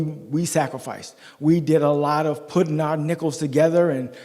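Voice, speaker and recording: A middle-aged man delivers a campaign speech at a community forum, leaning hard on his storytelling and calling out to the crowd. His voice sits a little high. Long reverb from the meeting hall trails every phrase. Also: mellow. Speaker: school board candidate.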